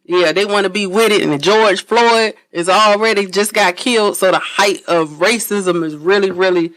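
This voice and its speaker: A woman guest on a podcast telling an animated, blunt story with swearing, often repeating herself and restarting sentences. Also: mid-range voice, moderate pace, dry recording. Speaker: interview guest.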